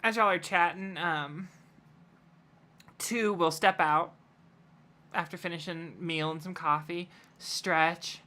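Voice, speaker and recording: A young woman narrating as game master in a casual tabletop game, with halting, laughing delivery. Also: on the low side, fairly even intonation, bright, forceful tone.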